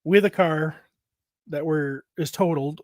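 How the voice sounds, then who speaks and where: A man's voice: on the high side, measured pace, darkish tone, no echo, studio quality. A middle-aged man hosting a podcast, telling a family story in a rambling, profane way and circling back with "so". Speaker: podcast host. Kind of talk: casual chat.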